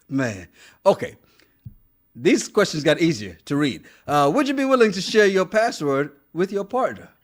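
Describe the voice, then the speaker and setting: A man with a high, lively voice that swings widely in pitch. He co-hosts a casual podcast, recapping a reality show with laughter and mock scolding. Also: unhurried. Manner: animated, laughs often, scolds in jest. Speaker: podcast co-host.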